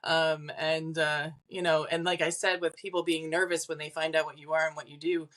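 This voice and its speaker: A woman with a somewhat low voice talks as a medium guest on a podcast. She chats in a loose, casual way, often slipping in "like" and breaking into small laughs between points. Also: level tone, a little fast, fairly bright tone. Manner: chatty, acts out quoted voices, frequent "like" fillers.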